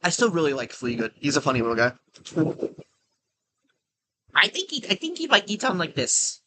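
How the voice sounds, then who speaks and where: A man's voice: on the high side, huge pitch swings, moderate pace, bright, forceful tone, slight background noise. A man giving casual, rambling commentary while playing a game, full of restarts and fillers. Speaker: game streamer.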